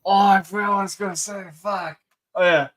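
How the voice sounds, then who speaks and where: A man's voice: high voice, steady tone, a little fast, fairly bright tone, no room sound. A man from New England with a Boston accent, chatting casually as a livestream guest, laughing often and swearing freely. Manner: laughing, profane storytelling. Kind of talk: casual chat.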